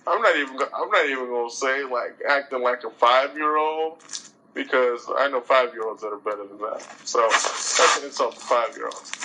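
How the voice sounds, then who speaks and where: Brief: male host, casual storyteller, bright tone, mid pitch, lively and exasperated. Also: low-quality recording. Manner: animated, colloquial, exasperated retelling.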